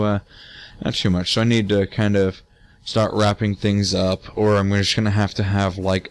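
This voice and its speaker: A man's voice: fairly low pitch, smooth. A teenage man giving casual gameplay commentary, tired, rambling with many fillers and restarts and casual swearing. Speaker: let's play gamer.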